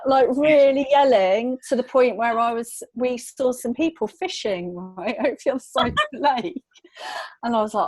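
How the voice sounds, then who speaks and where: A woman in her thirties on a video call, talking casually in a group chat and telling a story in a lively, self-deprecating way. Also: high-pitched, normal speed, no room sound, poor audio. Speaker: podcast regular in sobriety group.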